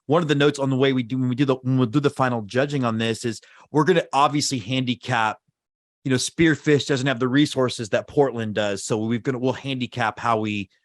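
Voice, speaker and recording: A man's voice: mid-range voice, fairly even intonation, fairly quick, no echo, studio quality. A man co-hosting a podcast, chatting casually and laughing easily as he reads out award nominees. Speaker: podcast co-host. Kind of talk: casual chat.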